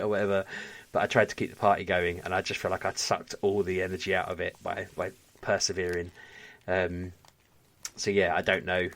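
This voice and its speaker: A man co-hosting a podcast, telling a story in casual chat with animated energy and frequent laughter. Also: low voice, fairly quick. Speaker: podcast co-host.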